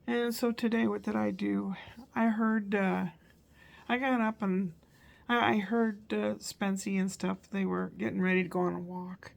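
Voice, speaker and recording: Gravelly older woman recapping her day. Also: mid-range voice, flat delivery, normal speed. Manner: chatty, meandering storytelling with fillers. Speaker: grandmother vlogger. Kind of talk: casual rambling daily recap.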